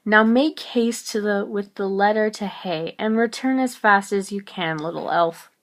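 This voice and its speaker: A woman putting on a stern, gruff gentleman. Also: medium pitch, measured pace, lightly acted. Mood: commanding. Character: stern brooding gentleman, commanding and teasing.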